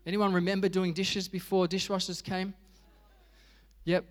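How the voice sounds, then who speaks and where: A man's voice: high voice, flat delivery, moderate pace, long reverb tail. An Australian man preaching a sermon as pastor, telling stories with humor and animation. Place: church.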